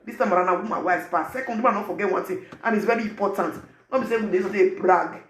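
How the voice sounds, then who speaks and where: A man speaking Nigerian Pidgin English, giving animated, preachy advice to his viewers in a casual vlog. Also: sits high, fast talker, reverberant, heavy background noise. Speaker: vlogger.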